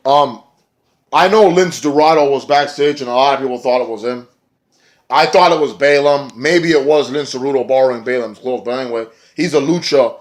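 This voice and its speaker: A man's voice: mid-range voice, brisk. A man talking through a wrestling recap in a loose, rambling way. He gets worked up and swears freely, and he often trails off or restarts his thoughts. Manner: rambling, excitable, profane. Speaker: wrestling reviewer. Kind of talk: casual wrestling recap vlog.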